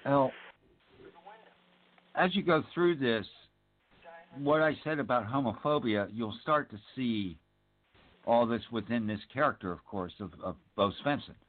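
A man co-hosting a casual movie commentary, earnest and measured, filling his pauses with ums as he makes his points. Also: medium pitch, lively intonation. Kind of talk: casual chat over a movie. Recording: tinny phone-like sound.

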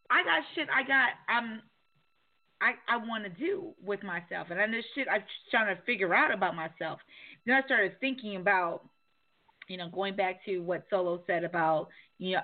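A woman hosting a call-in radio show, talking frankly in a rambling way with many restarts. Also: lowish voice. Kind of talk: candid call-in radio chat. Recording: tinny phone line.

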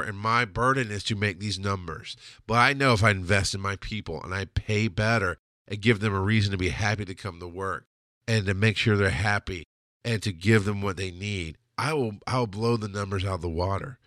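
A man's voice: on the low side, fairly quick, a bit bright, no echo, studio quality. A man hosting a podcast, delivering a blunt, heated, profane solo rant. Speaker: podcast host. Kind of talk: ranting solo monologue.

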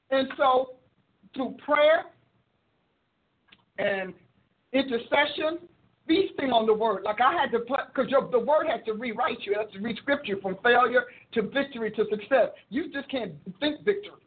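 A woman preacher and show host teaching in a sermon style, expressive and quick to laugh, acting out her prayers. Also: on the high side, husky. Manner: expressive, acts out prayers and quotes, laughs often. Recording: tinny phone-like audio.

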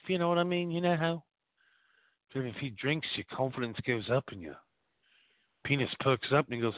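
Male host for a vulgar comic rant, rambling and mock-boastful, mid-pitched, heard over a tinny phone line. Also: a little fast, long pauses, dry recording. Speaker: radio show host. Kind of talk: crude comic monologue.

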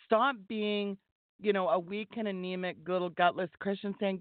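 A woman's voice: mid-range voice, steady tone, moderate pace, no echo. Fervent woman preaching over a phone line. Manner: emphatic, exhorting. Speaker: guest. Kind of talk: fervent preaching-style talk. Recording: tinny phone line, dry.

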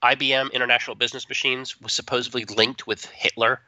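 A man co-hosting a tech podcast, chatting in an animated, joking way with quick asides. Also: medium pitch, no room sound. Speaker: podcast co-host. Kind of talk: casual opinionated chat. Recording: dull dry close-mic sound.

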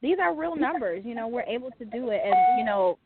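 A woman's voice: on the high side, lively intonation, fairly quick, breathy edge, no room sound. A woman guest in an interview, speaking passionately and persuasively, often saying "you know". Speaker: guest, community founder. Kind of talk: casual interview chat. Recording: dry, tinny phone-like line.

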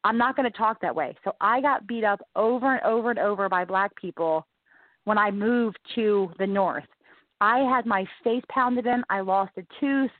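Over a tinny, phone-like line with no echo, a woman guest from the American South tells her life story at a moderate pace in a medium-pitched voice. She's earnest and emphatic, and she repeats herself often.

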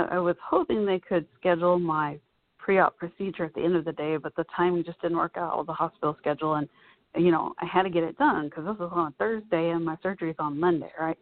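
A woman's voice: lowish voice, dry recording. A woman vlogger telling a personal story in a casual, chatty way, full of "you know" asides. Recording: dry, tinny phone-like sound.

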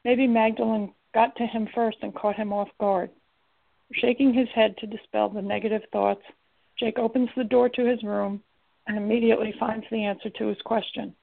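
A woman narrates a story in a steady, even reading. Her voice has a gravelly fry to it. The recording is tinny and phone-like. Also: fairly high pitch, normal speed. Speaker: audiobook narrator. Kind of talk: scripted narration.

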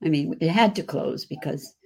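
A woman's voice: low voice, animated, normal speed, dark tone, husky. An older woman with a Chicago accent, chatting effusively as a guest on a video-call interview. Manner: effusive, chatty, restarts often. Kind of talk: casual interview chat.

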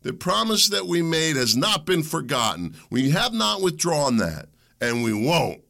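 Gravelly, fired-up ranting man. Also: on the high side, big pitch swings, unhurried. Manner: heated, combative ranting with rising shouts. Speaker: podcast host. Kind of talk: opinionated solo monologue.

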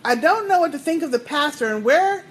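A woman co-hosting a podcast in casual chat, reading listener mail, animated and profane, laughing often. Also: high-pitched, brisk.

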